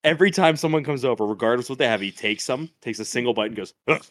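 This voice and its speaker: A man's voice: mid-range voice, fast, no room sound. Profane storytelling man, dry close mic. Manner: loose, profane, laughs through his stories. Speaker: podcast co-host. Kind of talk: casual storytelling chat. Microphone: podcast microphone.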